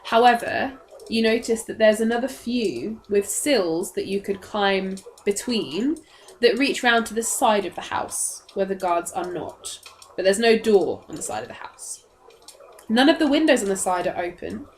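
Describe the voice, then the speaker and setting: A woman's voice: mid-range voice, a little hiss or hum. Woman, game master, matter-of-fact narration, faint clicks behind.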